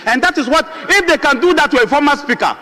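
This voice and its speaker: Ghanaian male MP, middle-aged, very high and bright voice, combative debate speaker who drives his point with repeated questions. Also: expressive, fast, a faint crowd. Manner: fiery, accusing, hammering repeated rhetorical questions. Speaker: member of parliament. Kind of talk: parliamentary debate speech. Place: parliament chamber.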